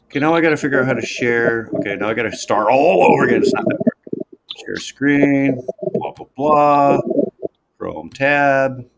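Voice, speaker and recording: A man's voice: medium pitch, vocal fry. A man hosting a live stream, chatting casually and muttering to himself as he clicks through screens. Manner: rambling, halting, talks to himself while clicking around. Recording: noisy home stream audio.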